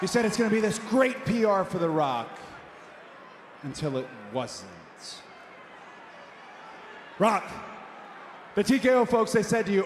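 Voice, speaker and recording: A high-pitched male wrestler needles his rival with mocking sarcasm and sudden shouts. His voice rings through a huge arena with long reverb, with a faint crowd beneath it. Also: normal speed, background noise. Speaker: pro wrestler cutting a promo. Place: large arena.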